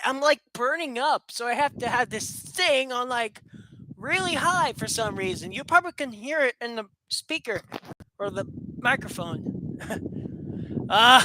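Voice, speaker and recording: A woman's voice: fairly high pitch, lively intonation, slow, sharp tone, no room sound. A woman vlogging in a casual chat to her webcam at home, playful and rambling, laughing often and joking sarcastically. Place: room at home with a fast fan running.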